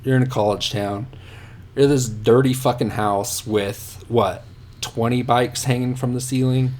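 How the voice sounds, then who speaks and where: A man's voice: medium pitch, steady tone, a little slow, a little mellow. A man telling rambling, profane stories about himself as a podcast guest. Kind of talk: casual podcast storytelling.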